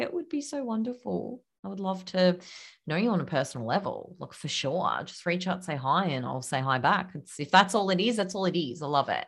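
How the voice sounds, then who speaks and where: Woman, low voice, swinging pitch, solo podcast host, encouraging, soft near-whispers at times. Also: very animated, fairly quick. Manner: warm encouraging, laughs often, drops to a near-whisper. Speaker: podcast host and business coach.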